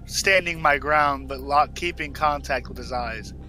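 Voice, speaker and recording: A man playing a tabletop game, describing his character's actions slowly and hesitantly, thinking aloud. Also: medium pitch, pushed and bright, a little hiss or hum. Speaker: player.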